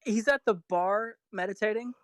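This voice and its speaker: A woman's voice: medium pitch, moderate pace, dry recording, poor audio. A woman playing a tabletop game, speaking in a hesitant, playful way. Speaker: player. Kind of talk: tabletop role-play.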